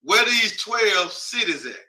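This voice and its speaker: On air, a bright-voiced man with a high pitch and big swings in intonation takes his time, musing aloud as he reads a list off a map. As host of this casual broadcast commentary, he addresses viewers directly in a chatty, informal manner.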